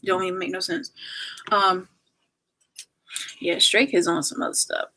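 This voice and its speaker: A woman's voice: fairly low pitch, expressive, unhurried, sharp tone. A woman in her twenties chatting casually on a livestream and reading viewer comments aloud.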